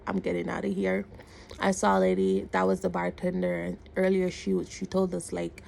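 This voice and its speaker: A woman's voice: mid-range voice, moderate pace, gravelly, a little hiss or hum. A woman vlogger animatedly retelling a story in casual storytime style, acting out the dialogue. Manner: animated retelling with quoted dialogue and repeated words.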